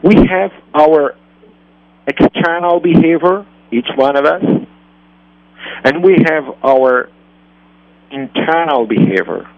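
A man's voice: on the high side, animated, slow, pauses often, dry recording. A man who speaks natively, talking earnestly about parenting on a radio show, repeating and rephrasing his points. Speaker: rabbi and radio host. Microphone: radio studio mic. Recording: dull lo-fi radio recording.

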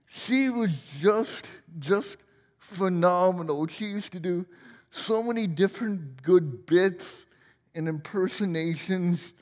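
High-voiced pastor in a reverberant hall. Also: male voice, slow, a little mellow. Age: 40s. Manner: humorous, self-deprecating storytelling. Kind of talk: sermon. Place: church sanctuary.

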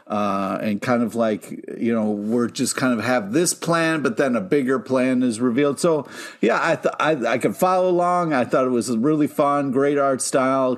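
A man co-hosting a casual podcast chat, upbeat and rambling in an enthusiastic way. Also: mid-range voice. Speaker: podcast co-host.

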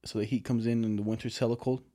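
A man's voice: medium pitch, flat delivery, fast talker, dark tone. A man in his twenties chatting casually from his bedroom at home, telling rambling stories full of profanity and slang. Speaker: podcast co-host. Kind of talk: casual chat.

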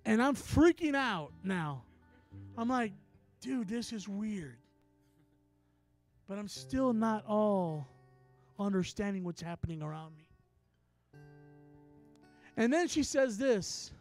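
A man preaching a sermon and telling a story in an animated way, acting out each person in it. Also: sits high, takes it slowly, pauses often, soft background music. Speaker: apostle, preacher.

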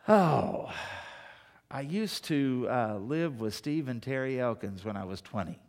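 A middle-aged male pastor delivering a sermon in a conversational, storytelling way. He swings from loud, urgent bursts down to quiet, hushed asides. His voice sits at an ordinary male pitch.

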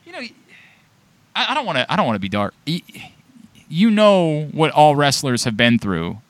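A man hosting an interview, reacting with animated interjections and the occasional swear. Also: on the high side, moderate pace, no room sound. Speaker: host. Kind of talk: podcast interview.

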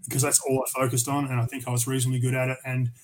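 An Australian man of average pitch talks as a guest on a podcast. He tells loose, rambling stories, swears often and restarts his sentences. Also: monotone, very fast, low-quality recording. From Tasmania, Australia. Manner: profane, rambling anecdotes with many restarts. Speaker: podcast guest, metal vocalist. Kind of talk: casual storytelling interview.

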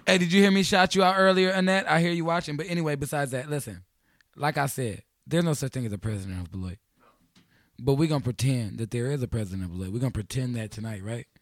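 A man from Chicago hosting a community radio call-in show, joking loudly and slangy with friends in the studio. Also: mid-range voice, quick pace, no echo. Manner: rowdy, joking, slangy, talks over friends. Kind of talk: loose call-in radio banter.

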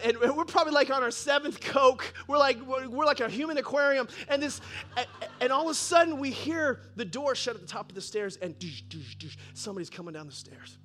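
Animated fifty-something male pastor. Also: very high-pitched, a little fast, slight background noise. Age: 50s. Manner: animated, bursts of excited laughter and loud peaks. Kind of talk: sermon storytelling. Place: church.

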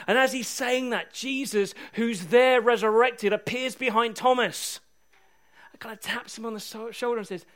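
Man, sermon, high-pitched, lively storytelling, humorous. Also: normal speed. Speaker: preacher.

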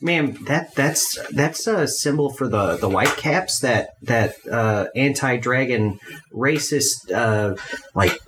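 A man playing a tabletop role-playing game, talking haltingly with many fillers and laughing. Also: mid-range voice, lively intonation. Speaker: player. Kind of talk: tabletop role-play chat. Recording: noisy home recording.

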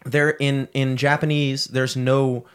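A man's voice: mid-range voice, level tone, takes it slowly, smooth. A young man in casual podcast chat, rambling with many fillers and crude humor.

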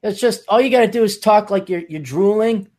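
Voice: medium pitch, a little fast, darkish tone. Joking podcast host reading news aloud. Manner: joking, mocking, laughs often.

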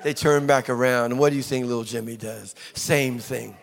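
A man preaching a sermon, telling a lively story and acting out the people in it. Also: mid-range voice, normal speed, gravelly, a faint crowd. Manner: storytelling, acting out scenes with voices. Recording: long reverb of a large hall with audience.

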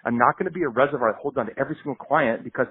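A man's voice: mid-range voice, rapid-fire, husky, no room sound. A man on a podcast, telling stories as a guest doctor and acting out the people in them. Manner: animated storyteller acting out quoted dialogue. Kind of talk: casual podcast storytelling. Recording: tinny phone-like audio.

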